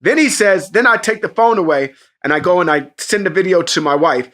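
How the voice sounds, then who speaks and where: A man co-hosting a podcast, telling an animated, profane story in casual chat and jumping into excited voices for the people in it. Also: high-pitched, a little fast. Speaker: podcast co-host.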